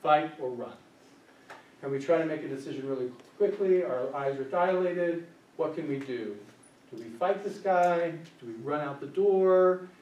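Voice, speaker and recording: A man's voice: fairly high pitch, moderate pace, a little mellow, lo-fi sound. A man presenting a workshop as a social worker, lecturing a small group and asking them questions as he speaks. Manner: engaging, asks the group questions; acts out quoted voices. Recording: echoey room from a distance, faint hiss.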